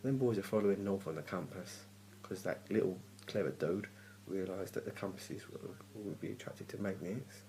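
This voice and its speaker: A man's voice: deep voice, moderate pace, vocal fry, hardly any pauses, mellow, a little hiss or hum. A man giving a casual, grumpy TV review, ranting and swearing in exasperation. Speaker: TV review vlogger. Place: home at night.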